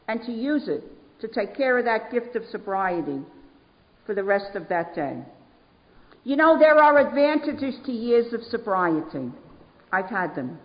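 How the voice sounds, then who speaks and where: A woman from New York with a fairly high voice shares her recovery story as a speaker at an AA meeting. She repeats words heavily for emphasis, and the recording sounds dull and lo-fi with a long hall echo.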